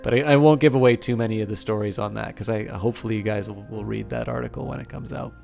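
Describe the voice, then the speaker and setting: A man's voice: on the low side, fairly even intonation, quick pace, gravelly, a little mellow, faint music behind. A man streaming a game late at night, tired and rambling with lots of fillers. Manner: rambling and hesitant, many fillers. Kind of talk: casual live-stream chat while playing.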